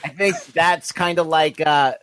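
A man's voice: on the high side, steady tone, measured pace, fairly bright tone, no room sound. A man co-hosting a casual podcast, playful and teasing. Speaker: podcast co-host.

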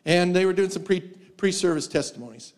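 A man's voice: high-pitched, animated, brisk. A man preaching as a guest speaker, telling personal stories with frequent laughs. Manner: storytelling, laughs often, acts out quoted voices. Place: church sanctuary.

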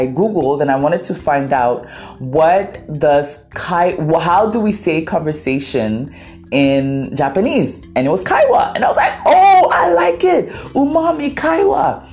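A woman from Ghana, a native Twi speaker, hosts her podcast as a lively storyteller. She talks playfully and a little dramatically, with a voice that sits on the low side, and faint music plays underneath. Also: moderate pace. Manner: animated, dramatic, playful, acts out quoted voices. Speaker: podcast host. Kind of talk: casual storytelling monologue.

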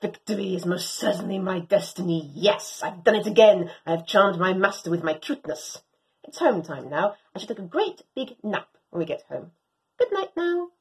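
A woman reading a story aloud and voicing a proud, excitable female Doberman dog. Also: medium pitch, normal speed, natural voice. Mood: smug. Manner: animated, swooping, theatrical.

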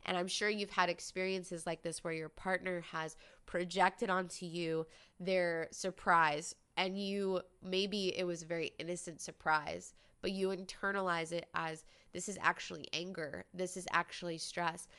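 Woman host, low-pitched, gravelly but smooth voice, candid chatty storytelling with lots of "like". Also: little pitch movement, unhurried, a bit bright. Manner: candid, conversational, many "like" fillers. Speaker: podcast host. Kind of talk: personal storytelling monologue.

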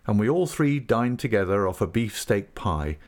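A man narrating a classic novel as an audiobook reader, in a measured, expressive storytelling manner. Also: on the low side. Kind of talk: scripted narration.

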